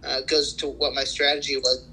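A man chatting casually about his fantasy league, boastful and halting, with lots of restarts. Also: mid-range voice, flat delivery, bright, forceful tone, slight background noise, rough recording.

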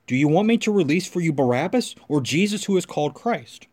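A man's voice: on the high side, expressive, fairly quick, a little mellow. A man reading as an uneasy Roman governor. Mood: pleading.

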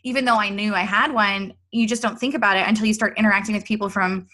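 Canadian woman, coach, casual guest, bright tone, chatty with fillers. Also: mid-range voice, steady tone, quick pace. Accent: Canadian, near Detroit. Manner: chatty, reflective, frequent fillers and laughter. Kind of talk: casual conversational interview.

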